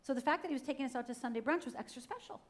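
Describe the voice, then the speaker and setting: Higher-pitched woman telling dramatic story. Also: rapid-fire. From Upper Michigan. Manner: dramatic storytelling, acts out quotes, addresses audience directly. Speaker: guest speaker. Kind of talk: personal testimony talk. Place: church stage.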